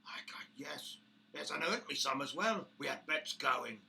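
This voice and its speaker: A British man voicing a pompous, brutal half-orc crime boss who booms his threats. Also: expressive, normal speed, vocal fry, bright, forceful tone, a little hiss or hum, heavily acted. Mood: menacing. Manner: booming, theatrical, threatening.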